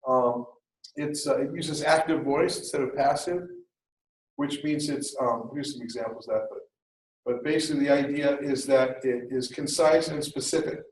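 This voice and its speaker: A man teaching a writing workshop in a classroom, lecturing in a lively, conversational way with jokey asides. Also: mid-range voice, moderate pace, roomy sound, a little hiss or hum, rough recording. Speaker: writing instructor.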